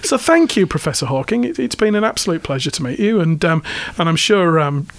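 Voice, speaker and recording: English man, middle-aged, podcast co-host, rambling anecdotes, frequent laughs, slightly high pitch. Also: lively intonation, a little fast, no room sound. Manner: chatty storyteller, laughs often, stumbles and restarts. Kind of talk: casual chat.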